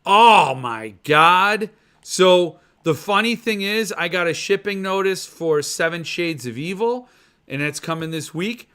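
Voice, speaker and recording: Excitable bright-voiced male host. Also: high-pitched, normal speed, smooth. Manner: excitable, rambling, gushing. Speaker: podcast host. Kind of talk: casual livestream chat about book collecting.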